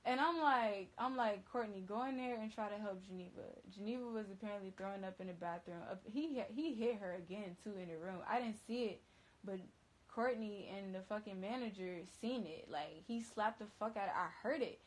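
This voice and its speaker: A woman's voice: medium pitch, normal speed, poor audio. A woman DJ telling a story casually on a phone livestream, talking emphatically and profanely, with constant "like" and "bruh.".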